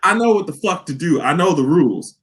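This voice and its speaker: A man co-hosting a podcast in casual chat, animated and profane, often laughing and shouting. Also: on the high side, fairly quick. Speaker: podcast co-host.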